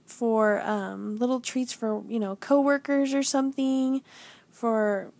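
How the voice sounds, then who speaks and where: Speaking slowly and steadily, a woman in her forties narrates a casual stamping tutorial as the channel's host, chatty and self-mocking with lots of ums. Her voice is a little high and a little mellow, with vocal fry, and there is no echo.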